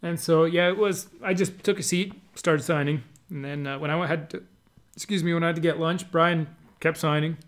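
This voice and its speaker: Halting, chatty male race pilot. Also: a little high, steady tone. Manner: halting, many restarts and fillers, laughs while telling. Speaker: pilot recounting an air race event. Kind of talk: casual conversational recollection.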